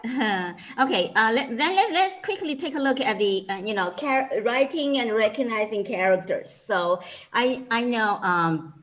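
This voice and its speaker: A woman's voice: a little high, expressive, a little slow, a bit bright, poor audio. A woman with a Chinese accent, a Chinese language teacher giving an informal lecture, filling her talk with "you know" and "okay".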